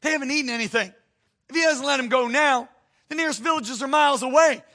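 Man playing anxious disciple, pleading, urgent, high bright voice. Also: quick pace, full character voice.

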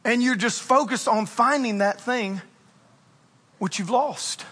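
Pastor in his 40s, high bright voice, a bit breathy, joking about himself, big echoey church. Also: slow pace. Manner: animated, self-mocking storytelling. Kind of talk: sermon. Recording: long reverb of a large church hall.

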